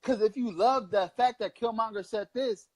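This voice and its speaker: This Long Beach, California co-host, a man in his thirties, has a voice that sits high and moves at normal speed, with noise in the background. His style on the casual political chat show is rambling, profane, impassioned preaching.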